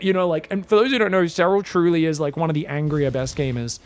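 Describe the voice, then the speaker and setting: A man casting a live game match, excitable and jokey, with rambling asides. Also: fairly high pitch, fast talker, few pauses, faint music behind. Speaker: esports caster.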